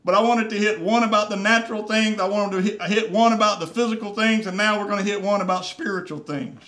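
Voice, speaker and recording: A man's voice: high voice, steady tone, fast talker, pushed and bright. A man preaching a sermon as pastor, earnest and repeating phrases for emphasis. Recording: roomy church echo.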